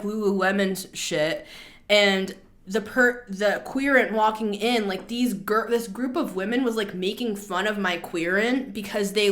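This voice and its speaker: Chatty rambling tarot reader, woman. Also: medium pitch. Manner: chatty, rambling, animated asides. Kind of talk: casual tarot reading.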